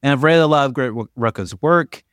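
A man chats on a podcast in a conversational, hedging way, full of fillers and side remarks. His voice sits at a middle pitch and sounds close and dry. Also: a little fast, fairly bright tone, clear, resonant tone, no room sound. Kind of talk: casual discussion.

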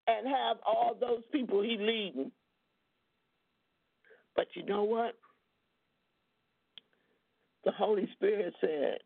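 Drawling, gravelly woman preacher on a tinny line. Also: fairly high pitch, takes it slowly, pauses often, no echo. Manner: emphatic, drawling storytelling. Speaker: deliverance minister. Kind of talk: preaching testimony. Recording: tinny phone-like line, dry.

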